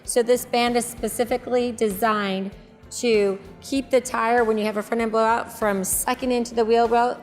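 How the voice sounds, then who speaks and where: A woman host, a little hoarse, giving an upbeat product demonstration at her company's facility. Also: medium pitch.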